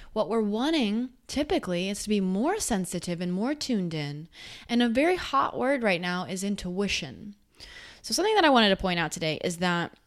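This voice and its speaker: A woman speaking casually and earnestly about emotions and intuition, acting out quoted inner thoughts with quick asides. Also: mid-range voice. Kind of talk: casual spoken reflection.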